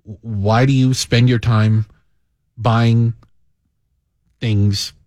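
A man hosting a radio talk show, chatting casually, animated and self-mocking, with frequent restarts. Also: mid-range voice, drawn-out words, no room sound, studio quality. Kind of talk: casual on-air banter.

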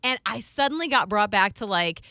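A female radio host chatting casually and candidly, acting out quotes in a lively way. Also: medium pitch, brisk, dry recording, studio quality. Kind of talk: casual storytelling chat.

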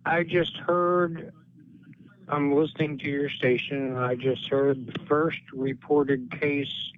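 Slow male caller on a tinny phone line. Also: on the high side, level tone, slight background noise. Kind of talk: call-in question. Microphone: telephone.

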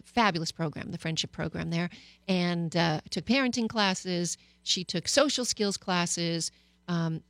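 Middle-aged woman radio host, mid-pitched, candid and hesitant, dry close studio mic. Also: a bit bright, no room sound. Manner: candid, personal, with frequent hesitations. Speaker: radio talk show host and psychologist. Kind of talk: talk radio monologue.

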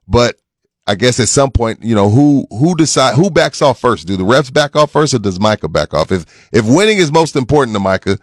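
Forties guy on sports radio, mid-pitched, gets loud n laughy when riled, super dry close mic. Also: fairly quick, dry recording. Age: 40s. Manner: animated, laughing and raising his voice when riled. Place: radio studio. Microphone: studio mic.

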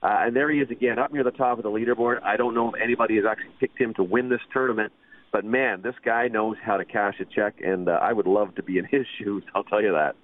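A man's voice: on the low side, fairly even intonation, quick pace. Chatty male golf radio co-host in his fifties, laughing easily, narrow lo-fi audio. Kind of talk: casual radio chat.

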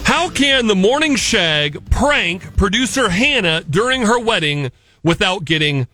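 Radio morning guy, high voice that jumps all over, bright, joking, music under him. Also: very animated, unhurried. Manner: jokey, does goofy fake accents. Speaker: radio morning show host. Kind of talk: casual radio banter.

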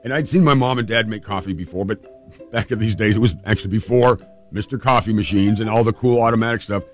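A middle-aged man with a lowish voice tells a story from his childhood. He talks in a relaxed, chatty way, with restarts and acted-out dialogue, and faint music plays underneath. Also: fast talker. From California. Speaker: storytelling show host. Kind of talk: casual personal storytelling.

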